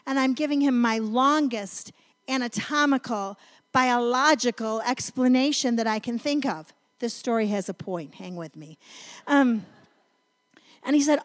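A middle-aged woman from North Carolina giving a sermon, telling a family story in an animated, emphatic way. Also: a little high, a little slow. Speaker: women's ministry speaker.

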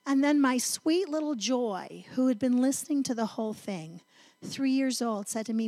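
Animated woman storyteller preaching. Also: high-pitched, moderate pace. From North Carolina. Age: middle-aged. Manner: animated storyteller, emphatic build-ups. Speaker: women's ministry speaker. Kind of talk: sermon with storytelling.

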